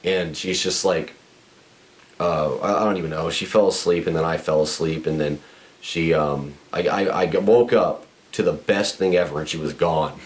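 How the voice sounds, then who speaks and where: Very deep-voiced young man, crude and blunt. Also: fairly even intonation, moderate pace. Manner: profane, blunt, rambling with restarts. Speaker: podcast host. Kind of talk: casual crude storytelling.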